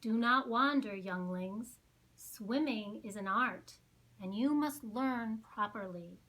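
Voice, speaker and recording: A woman's voice: on the high side, takes it slowly, sharp tone, exaggerated voice, rough recording. A woman voicing a stern, formal male penguin teacher giving a warning in a children's storybook reading. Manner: cautioning, formal.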